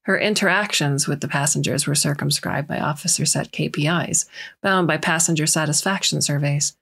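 A woman reading a science fiction story aloud in measured, scripted narration. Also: low voice, creaky, fairly bright tone, breathy edge. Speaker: story reader.

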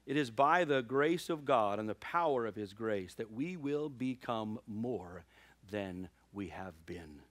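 A man's voice: fairly low pitch, expressive, unhurried. A male pastor giving a sermon, telling a funny personal story with laughter before moving into earnest preaching.

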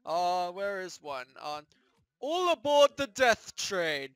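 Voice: medium pitch, big pitch swings, slow, fairly bright tone, smooth, no room sound. A performer voicing a cocky male plush plumber who taunts his friend in a comedic puppet gaming skit, with mocking, gloating delivery. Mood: teasing.

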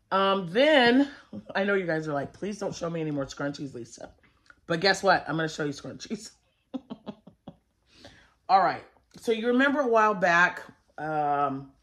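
A woman's voice: sits low, fairly bright tone. A woman talks casually to the camera as a crochet vlogger. Her talk is rambling and friendly, full of little fillers and restarted sentences. She sounds like she is chatting at home. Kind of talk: casual chat.

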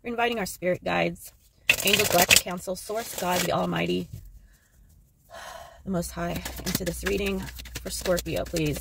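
A woman giving a casual tarot card reading to camera, excitable and joking, swearing freely as she talks to her viewers. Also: on the low side, normal speed, vocal fry, pauses often, slight background noise. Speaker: tarot reader.

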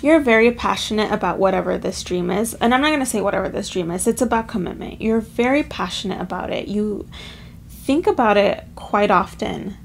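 A woman's voice: mid-range voice, animated, a little fast, gravelly, slight background noise. A woman giving a casual pick-a-card tarot reading, chatty and emotional, with lots of filler words. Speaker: tarot reader.

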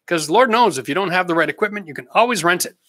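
Brief: middle-aged Canadian male host, talks through viewer questions in a bright, slightly high voice, easygoing and jokey. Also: expressive, fast, no room sound, studio quality. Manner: chatty, practical, jokey asides. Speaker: host answering live chat questions. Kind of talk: casual livestream chat.

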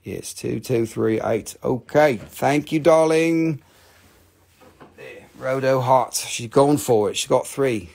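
A man's voice: medium pitch, slow pace, creaky, a little mellow. A man hosting a live crystal sale stream, chatty and self-mocking, joking nonstop with viewers. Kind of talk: casual live sales stream banter.

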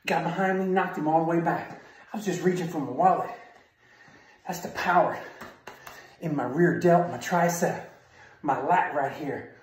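A man's voice: on the high side, moderate pace, long pauses, a little hiss or hum. A man giving a self-defense training talk as an instructor, in a punchy, emphatic style of short barked phrases. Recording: very echoey room, far from mic.

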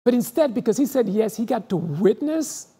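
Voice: mid-range voice, lively intonation, normal speed, mellow, slightly rough. A pastor preaching a sermon and telling a story earnestly, often repeating words as thoughts build.

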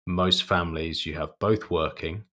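A man's voice: low voice, steady tone, moderate pace, sharp tone. A man co-hosting a podcast, talking in a blunt, profane, opinionated way in casual chat. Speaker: podcast co-host.

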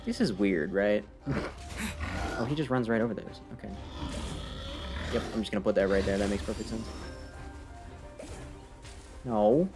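A man's voice: lowish voice, moderate pace, long pauses. A man giving casual, playful commentary while streaming a game, teasing the characters on screen and joking at his own expense. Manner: playful, self-mocking, talks to game characters. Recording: game music playing behind.

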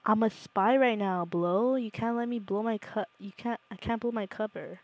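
A young woman streaming a game, chatting playfully and swinging from hushed spy whispers to loud shrieks. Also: medium pitch, moderate pace, few pauses, no room sound. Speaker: gaming streamer. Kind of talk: casual live-stream commentary.

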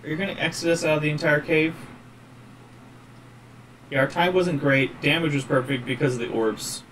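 A man casually commenting while playing a game, rambling and relaxed. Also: fairly high pitch, normal speed. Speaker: gaming channel host. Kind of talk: let's play commentary. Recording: faint noise, distant mic.

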